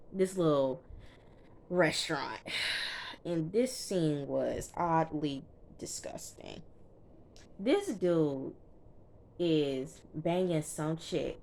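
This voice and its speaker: A woman's voice: low-pitched, vocal fry, darkish tone, a little hiss or hum. A woman chatting casually through a TV episode recap, emphatic and full of fillers, talking straight to her viewers. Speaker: TV recap vlogger.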